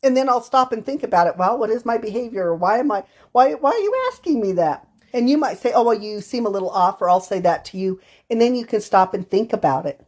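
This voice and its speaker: Animated and quick, her mid-range voice runs on with hardly a pause. As a counselor co-hosting a podcast, she keeps things conversational, slipping into brief impressions of what her clients said.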